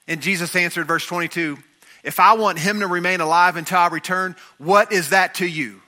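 Bright high-voiced man preaching. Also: fairly even intonation, brisk. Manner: preaching, acting out voices of Bible figures with rising intensity. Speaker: pastor. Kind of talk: sermon.

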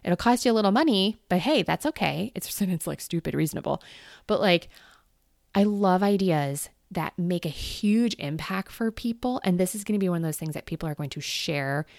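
A woman's voice: lowish voice, normal speed, vocal fry, no echo, clean studio sound. A woman hosting a solo podcast, gushing and upbeat, talking with lots of "like" and "you know" into a podcast microphone while her hands move around. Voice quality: bubbly, gushing, animated with gesturing hands. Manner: chatty, upbeat, lots of fillers like 'you know' and 'like'. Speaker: podcast host.

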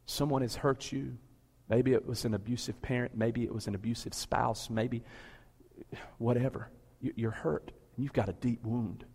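Preaching man in a reverberant church hall. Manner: swings from low, quiet pleading to loud, emphatic preaching; rhetorical questions to the congregation. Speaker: pastor. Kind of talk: sermon. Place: large church with a balcony.

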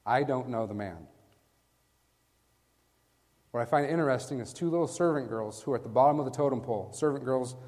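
A man preaching a sermon with emphatic stress, swinging from hushed lines to loud bursts and often asking his listeners "right?". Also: medium pitch. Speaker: preacher teaching a Bible passage. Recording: long reverb from a large hall.

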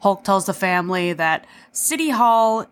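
A woman's voice: mid-range voice, lively intonation, measured pace. Woman, podcast host, casual recap, chatty, swears freely, mid-range voice. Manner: chatty, swears, self-deprecating asides.

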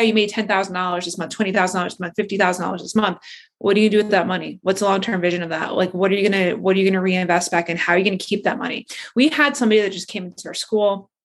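Blunt, sweary woman podcast host. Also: mid-range voice. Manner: blunt, profane, interrupting. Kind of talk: casual podcast chat.

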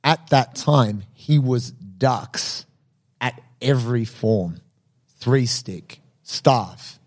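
A man co-hosting a casual podcast chat. He tells film stories with eager enthusiasm and breaks into quick impressions of the people in them. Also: medium pitch, lively intonation. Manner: enthusiastic storyteller, fond of film trivia. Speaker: podcast co-host.

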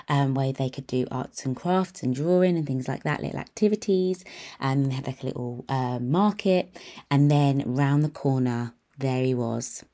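A woman in her thirties with an extremely low, dark-toned voice hosts a podcast as a nail tech mentor. Her monologue is upbeat, encouraging, and emphatic, meant to motivate.

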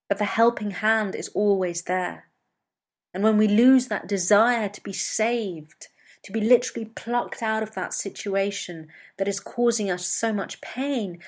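Measured woman giving a spiritual talk. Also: medium pitch. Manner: measured, repeats phrases for emphasis. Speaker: spiritual teacher.

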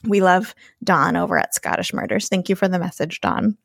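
A woman co-hosting a casual podcast, chatting with a friend and laughing often. Her voice has a gravelly fry, and she swears freely. The sound is dry and close, with no room in it. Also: lowish voice, moderate pace, no echo. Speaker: podcast co-host.

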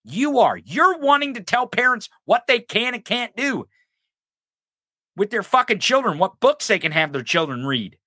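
Animated swearing male podcast host. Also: very high-pitched, moderate pace, no room sound, clean studio sound. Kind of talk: profane political commentary.

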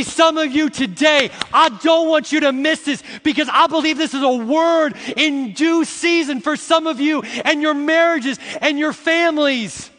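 A middle-aged man preaching a sermon, repeating phrases slowly for emphasis and rising into shouts as he addresses the congregation. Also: very high voice, big-room sound. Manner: uses "y'all" and "see" to address the congregation. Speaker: pastor.

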